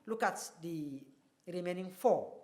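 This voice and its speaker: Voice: mid-range voice, unhurried, very noisy. A teacher leads a televised English lesson, explaining each point and then asking the class rhetorical questions. The voice carries a roomy echo.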